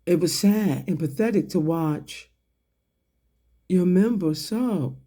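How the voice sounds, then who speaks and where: This online commentator's voice sits high and sounds warm. He goes after someone point by point in a confrontational, foul-mouthed rant to camera, asking pointed questions in a slow, measured way.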